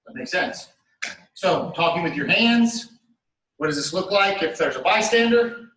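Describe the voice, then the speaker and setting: Male martial arts coach, bright voice slightly high, echoey room, mic at a distance. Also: unhurried. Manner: steady coaching cues, talks through moves step by step. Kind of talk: class instruction. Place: training studio.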